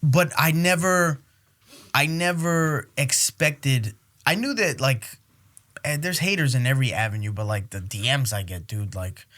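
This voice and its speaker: A man's voice: medium pitch, unhurried, sharp tone. A young adult man hosting a podcast, telling stories in casual chat with lots of swearing and acted-out quotes. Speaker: podcast host.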